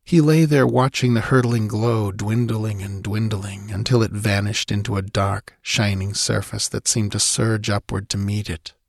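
Man, audiobook narration, low pitch, measured delivery, dry close mic. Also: dry recording. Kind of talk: scripted narration.

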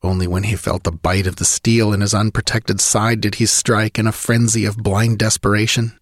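Low-voiced man narrating an audiobook. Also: flat delivery, moderate pace, dry recording, clean studio sound. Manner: vivid, driving storytelling.

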